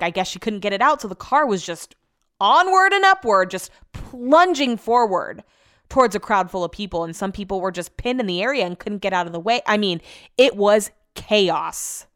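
A young woman tells a personal story in a casual, conversational way. Her delivery is animated and emphatic, sprinkled with filler words, and her voice sits at an average pitch for a woman.

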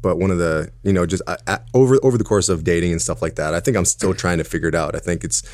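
Deep-voiced young man, casual and rambling. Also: fast talker, darkish tone, no room sound, studio quality. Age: 20s. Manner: rambling, many fillers and restarts. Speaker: guest. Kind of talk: casual podcast chat.

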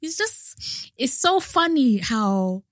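A woman's voice: sits high, very animated, no echo, clean studio sound. A young woman co-hosting a podcast in casual chat, laughing often. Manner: chatty, laughs often, quick asides. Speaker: podcast co-host.

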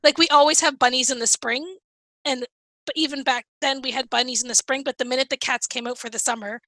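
A woman's voice: high-pitched, steady tone, fast talker, bright, forceful tone, no echo. A woman co-hosting a podcast, chatting casually and rambling with many restarts. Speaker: podcast co-host. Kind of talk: casual chat.

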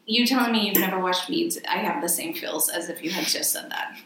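A woman's voice: fairly low pitch, a little fast, creaky, a bit bright, heavy reverb, rough recording. A woman with a Texan accent, co-hosting a podcast in casual chat, reacting dramatically and joking. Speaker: podcast co-host.

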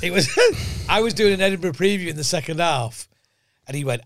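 A man, a comedian guest telling animated stories and laughing a lot. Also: a little high, fairly quick, no room sound, clean studio sound. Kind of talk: casual comedy podcast chat.

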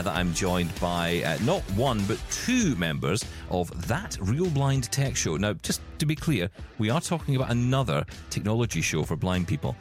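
A man hosting a tech podcast in casual, jokey chat with his guests. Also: on the low side. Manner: chatty, jokey, animated. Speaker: podcast host.

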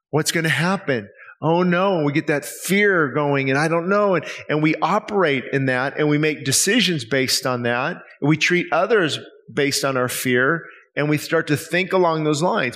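Male pastor, slightly high voice, earnest and pleading sermon delivery, lots of rhetorical questions. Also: a bit bright. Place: church service.

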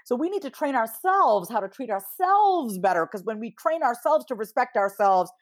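A woman in her thirties talks as a podcast guest, animated and expressive. She acts out quoted dialogue with big jumps in pitch and swears casually as she tells her stories. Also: moderate pace. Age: 30s. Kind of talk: casual interview chat.

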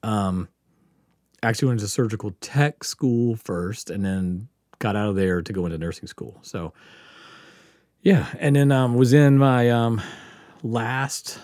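A man, a podcast host telling a story in casual chat, animated and profane, laughing often and acting out quotes. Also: lowish voice, unhurried, long pauses, no echo, clean studio sound. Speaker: podcast host answering questions.

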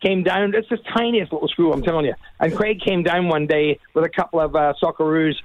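An Australian man telling rambling, animated stories as a guest over the phone, often laughing at himself. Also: on the high side, fairly quick, dull audio, a crowd in the background. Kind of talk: casual storytelling.

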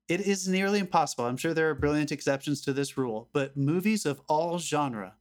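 A man co-hosting a movie podcast over a video call, passionate and rambling, swearing freely. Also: a little high. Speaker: podcast co-host. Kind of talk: casual movie podcast chat.

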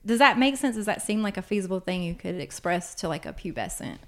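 A woman's voice: medium pitch, expressive, quick pace, fairly bright tone. A woman who counsels teens, talking frankly and with animation in casual podcast chat, with laughing asides.

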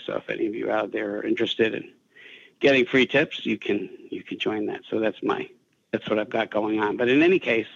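An older man with a New Jersey accent, a guest in a podcast interview, speaking in a measured way with many "uh" pauses. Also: on the low side, gravelly, fairly bright tone, no room sound, dull audio. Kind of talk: casual interview chat.

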